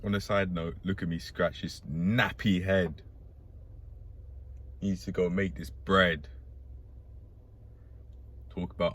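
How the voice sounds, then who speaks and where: A man's voice: sits low, a little slow, long pauses, a bit bright, breathy edge. A man vlogging from inside a car, rambling aloud to himself in a musing, profane, joking way. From Britain. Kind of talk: rambling self-talk monologue.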